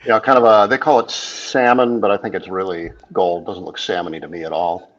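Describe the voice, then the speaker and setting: A man with a very deep voice talking easily as a stream guest, unhurried and full of small hesitations. His audio comes through dull and lo-fi. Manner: relaxed, hesitant, lots of "you know" and "uh". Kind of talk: casual live-stream chat.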